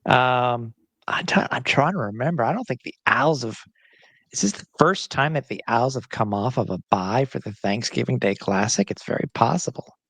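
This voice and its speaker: A man's voice: medium pitch, moderate pace, gravelly, fairly bright tone, dry recording. A man hosting a sports podcast in casual chat, talking loosely with frequent restarts and fillers. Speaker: podcast host.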